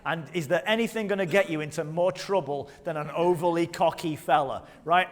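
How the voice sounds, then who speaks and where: A man preaching a sermon as pastor, talking to the congregation in a lively, conversational way with plenty of rhetorical questions. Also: fairly high pitch, a little fast, long reverb tail. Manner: leads the congregation in call-and-response. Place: church hall.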